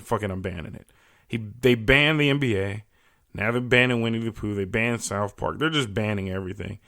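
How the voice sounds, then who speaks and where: Young guy, podcast host, loose profane rant, slightly low voice. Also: a bit bright. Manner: profane, ranting, casual. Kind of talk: solo comedic rant.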